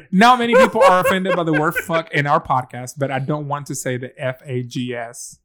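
Loud Venezuelan-accented man. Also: fairly high pitch. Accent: Venezuelan Spanish. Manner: loud, animated, quick to laugh. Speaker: podcast co-host. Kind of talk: casual podcast chat.

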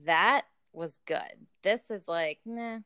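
A woman's voice: medium pitch, takes it slowly, pushed and bright, clear, resonant tone, no room sound. A woman co-hosting a podcast, giving blunt, wry opinions and laughing while chatting about a reality show. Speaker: podcast co-host. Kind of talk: casual reality-TV recap chat.

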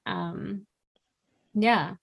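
A woman's voice: mid-range voice, very slow, creaky. A woman co-hosting a book podcast, chatting casually and rambling a little. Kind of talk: casual chat.

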